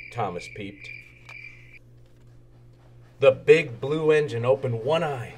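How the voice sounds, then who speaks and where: A man reading a children's storybook aloud, with expressive, animated narration. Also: mid-range voice, slow, long pauses, a little hiss or hum. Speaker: children's book reader.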